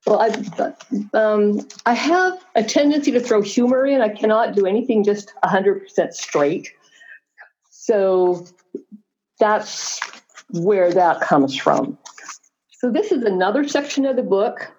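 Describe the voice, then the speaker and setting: A woman's voice: mid-range voice, expressive, takes it slowly, darkish tone. A woman author reading her own novel aloud, adding casual, chatty asides between passages. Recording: dull lo-fi recording.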